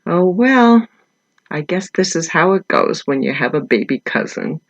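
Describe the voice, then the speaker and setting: A woman's voice: fairly low pitch, sing-song, a little slow, slight background noise, rough recording. A woman voicing an earnest little boy. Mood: resigned. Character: young boy, cheeky but kind.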